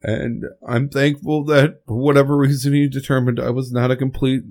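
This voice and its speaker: Gravelly man, choked up. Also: medium pitch. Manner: halting, rambling, with restarts. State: choked up, fighting tears. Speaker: podcast host. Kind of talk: emotional spoken tribute.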